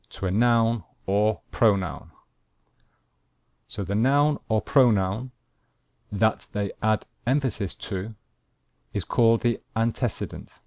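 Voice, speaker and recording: Slow, deep-voiced male English teacher. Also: darkish tone, no echo, studio quality. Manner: slow, deliberate, repeats examples. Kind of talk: grammar lesson.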